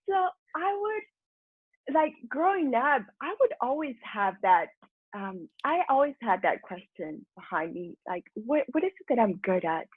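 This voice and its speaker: Husky-voiced woman on a phone-like line. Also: high voice, big pitch swings, slow, pauses often, no echo. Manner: chatty, laughs easily, acts out her own past thoughts. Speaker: guest, personal transformation mentor. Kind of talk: candid storytelling interview.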